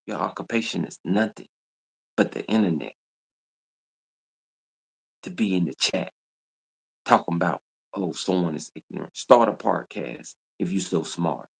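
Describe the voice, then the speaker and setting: Gravelly deep-voiced man ranting at viewers. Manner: scolding, repetitive, confrontational. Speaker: livestream host. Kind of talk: ranting livestream monologue.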